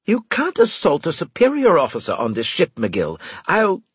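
A man's voice: mid-range voice, wildly swooping pitch, measured pace, gravelly, husky, dry recording, voice pushed up, heavily acted. A man voicing a snide, scheming male senior officer in an audiobook, sneering and clipped. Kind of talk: audiobook character voice.

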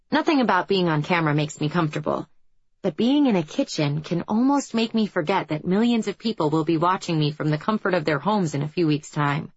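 A young adult woman reading a first-person story as an audiobook narrator, in an even, reflective storytelling manner. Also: lowish voice, breathy edge, no echo, dull audio.

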